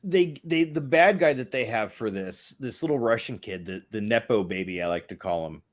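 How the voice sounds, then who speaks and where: A man's voice: expressive, normal speed. A man co-hosting a movie review show, rambling casually with swearing and frequent laughter. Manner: rambling, laughs often, swings pitch widely. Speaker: movie review podcast co-host.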